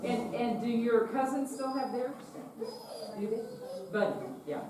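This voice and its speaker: A woman's voice: fairly high pitch, fairly even intonation, a little slow, crowd noise. Woman leading a children's sermon. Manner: gentle, asks children questions. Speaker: children's message leader. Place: church. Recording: echoey room, far from mic, noisy.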